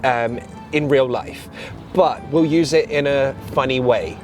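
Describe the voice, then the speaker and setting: A woman's voice: a bass voice, measured pace, darkish tone, faint music behind. A young woman with an English accent, hosting a casual chat in a bubbly, coaxing way. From England. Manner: bubbly, coaxing, laughs often. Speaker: host.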